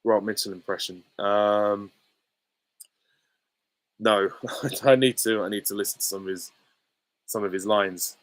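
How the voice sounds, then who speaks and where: A man's voice: fairly low pitch, steady tone, measured pace, long pauses, rough recording. A man chatting casually while he answers viewer questions, rambling with many fillers and restarts. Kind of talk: casual livestream Q&A chat.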